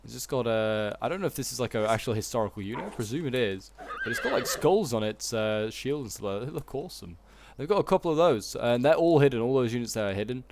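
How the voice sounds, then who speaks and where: A man's voice: medium pitch, expressive, fast, background noise. A man with a Yorkshire accent giving casual, rambling gameplay commentary, full of "like" and "um" and corrections. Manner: rambling, lots of "like" and "um", self-correcting. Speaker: game channel host.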